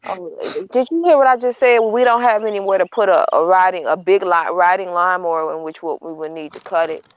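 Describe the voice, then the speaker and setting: A woman's voice: lowish voice, brisk, clear, resonant tone, dry recording, lo-fi sound. A woman in a casual group chat who rambles, corrects herself mid-sentence and sounds exasperated.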